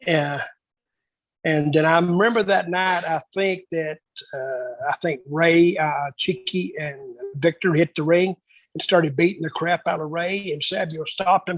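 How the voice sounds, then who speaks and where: In a casual interview, a guest storyteller rambles through backstage tales and acts out what the people in them said. His voice is fairly high with fairly even intonation at a normal speed, and the audio is poor.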